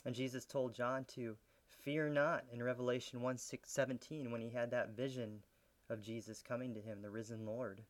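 Male pastor, sermon delivery, earnest teacher, mid-pitched voice, builds intensity. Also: level tone, moderate pace.

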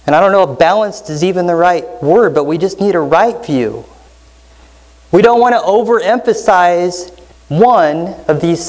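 Slow, emphatic preaching man. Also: high voice, a little mellow, poor audio. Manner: earnest, emphatic preaching with deliberate slow stresses. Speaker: pastor. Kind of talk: sermon.

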